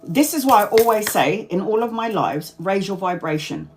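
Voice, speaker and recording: A woman's voice: medium pitch, animated, moderate pace, a little hiss or hum. A woman from Brazil hosting a live stream as a tarot reader, chatting casually, swearing freely and breaking into laughter mid-sentence.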